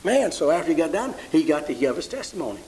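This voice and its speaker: A man's voice: on the high side, big pitch swings, fast, a little mellow, slight background noise, rough recording. A man preaching as a pastor, telling a story in a folksy way that repeats and restarts phrases. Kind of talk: sermon storytelling.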